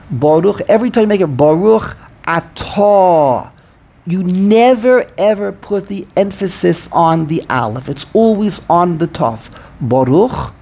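A man's voice: high-pitched, a little mellow. A man teaching a Hebrew pronunciation lesson, often repeating himself and drawing out chanted example phrases. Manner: repeats words, self-correcting, drawn-out chanted pronunciations. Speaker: Torah teacher.

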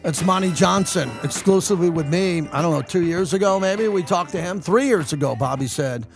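Energetic sports radio host, fairly high voice. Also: male voice, a little fast, creaky, soft background music. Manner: energetic, opinionated, thinks aloud with restarts. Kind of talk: sports talk radio monologue.

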